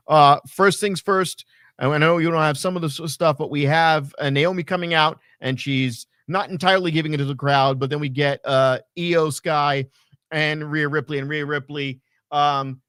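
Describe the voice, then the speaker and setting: Animated, profane man recapping wrestling. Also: a little high, no room sound, studio quality. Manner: animated, profane, rambling with fillers. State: hot and sweaty. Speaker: podcast co-host. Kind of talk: casual wrestling recap chat.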